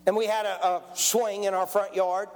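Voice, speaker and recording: A man's voice: high-pitched, level tone, moderate pace, darkish tone. A man, preaching a testimony sermon in a folksy storytelling way and calling for amens. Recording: long church hall reverb.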